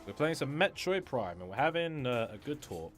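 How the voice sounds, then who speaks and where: A man's voice: medium pitch, sing-song, normal speed, soft background music. A man hosting a casual gaming stream, rambling with many fillers and restarts and swearing freely. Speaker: streamer host.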